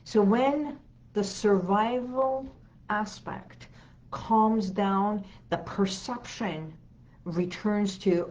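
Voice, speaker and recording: A woman hypnotherapist hosting a talk, slowly guiding listeners through calming phrases and breathing, often repeating soothing lines. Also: mid-range voice, lo-fi sound. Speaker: hypnotherapist host.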